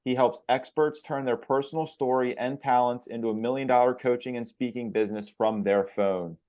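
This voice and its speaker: A man's voice: mid-range voice, steady tone, fairly quick, a little mellow. A man hosting a podcast, talking in an upbeat, friendly way and cursing casually. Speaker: podcast host.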